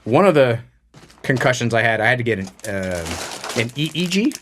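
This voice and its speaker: A man on a podcast, telling a story in a relaxed, chatty way. He slips into other people's voices as he goes, and his pitch sits in an ordinary middle range. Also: a little fast, background noise. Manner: animated storyteller, acts out quoted people. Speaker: podcast co-host. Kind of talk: casual storytelling chat.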